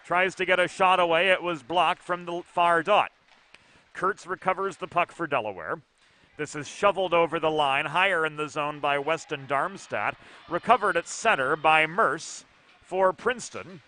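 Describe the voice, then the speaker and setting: A man calling youth hockey play-by-play from an arena, brisk and precise with dry asides. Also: a little high, bright, forceful tone. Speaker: play-by-play commentator. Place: ice arena broadcast position.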